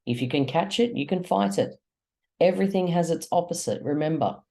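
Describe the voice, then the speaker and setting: Reader playing a freckled dead girl in a storybook dream, light, knowing, raised pitch. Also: lively intonation, fairly quick, gravelly, mellow.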